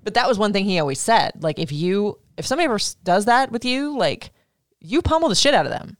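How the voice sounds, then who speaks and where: A middle-aged woman hosting a casual chat, telling a story with swearing and lively acted-out quotes. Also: medium pitch, fast talker, no echo. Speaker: podcast host.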